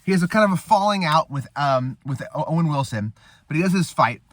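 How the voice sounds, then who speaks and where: A man recaps a film casually, rambling, swearing and stumbling over his words. His voice sits a little high and bounces up and down with animation. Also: lively intonation, brisk, a bit bright, no echo. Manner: rambling, with fillers and profanity. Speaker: host.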